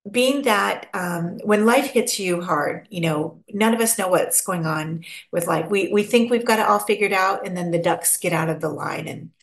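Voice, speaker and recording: A woman's voice: fairly low pitch, moderate pace, vocal fry, hardly any pauses. An American woman from Pennsylvania, a guest chatting expressively in a casual interview. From Pennsylvania, USA. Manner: expressive, chatty, acts out little quoted voices. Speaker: podcast guest. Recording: roomy echo.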